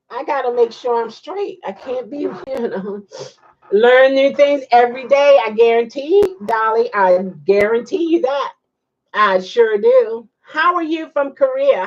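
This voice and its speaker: A woman's voice: on the high side, measured pace, muffled recording. A woman hosting a casual livestream, chatting and reacting to viewer comments with frequent laughs. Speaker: livestream host.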